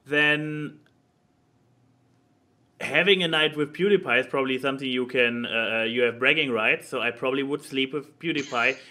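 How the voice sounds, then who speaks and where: A man co-hosting a podcast in casual chat, halting and repeating words as he thinks. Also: mid-range voice, bright, forceful tone. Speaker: podcast co-host.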